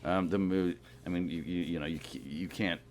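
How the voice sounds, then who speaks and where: A middle-aged man, a guest actor, chatting casually and telling rambling, animated stories. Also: deep voice, fairly quick, a little hiss or hum. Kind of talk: casual chat.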